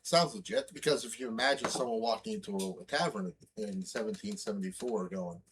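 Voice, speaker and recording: A man's voice: fairly low pitch, brisk, noisy background. A man co-hosting a casual podcast, joking and teasing in playful banter. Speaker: co-host.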